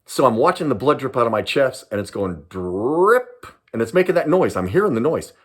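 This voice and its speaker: An older man from Southern California tells a story straight to camera in a loose, casual way. His pitch swings widely and his delivery is animated. He circles back over his own words and keeps tossing in "man". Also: fast, slightly rough. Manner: animated, repeats himself, drops in "man". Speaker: retired police sergeant telling stories.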